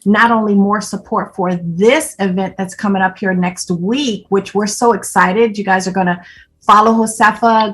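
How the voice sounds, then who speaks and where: A woman's voice: medium pitch, fairly bright tone. A middle-aged woman with a mid-range voice hosts a panel. She praises a guest effusively, circling back to "more importantly". She sounds moved as she speaks. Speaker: event host. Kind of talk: casual panel conversation.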